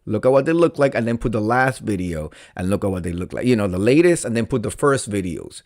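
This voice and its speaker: Man host, gossip live stream, dramatic and lively, swings his pitch a lot. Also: fast talker. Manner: animated, dramatic, catchphrase-heavy, gossipy. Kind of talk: casual live-stream commentary.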